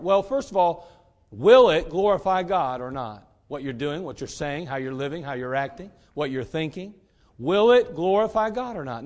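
A middle-aged pastor with a high voice delivers a sermon in a folksy, easygoing manner. He tosses in joking asides and keeps driving home the same rhetorical questions.

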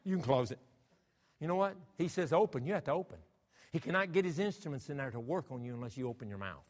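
A man's voice: a little high, animated, fast. A man preaching a sermon, emphatic and full of rhetorical questions to his congregation. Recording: long hall reverb.

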